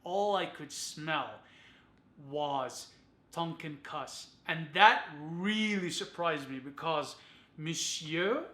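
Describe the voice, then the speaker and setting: A man's voice: on the high side, slow pace, sharp tone, echoey room. A man giving a chatty to-camera perfume review, often adding "okay" and "you guys".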